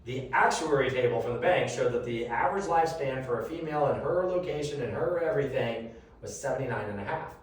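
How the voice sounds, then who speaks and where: A man giving a reverse mortgage seminar, telling a long personal story in a casual, animated way. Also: mid-range voice, fast. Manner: animated, conversational, swears casually. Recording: echoey room from a distant mic.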